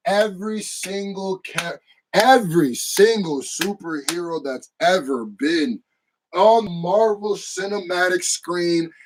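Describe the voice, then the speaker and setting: A man giving an excited, slangy, casual movie review with bursts of shouting and laughter. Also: high-pitched, low-quality recording.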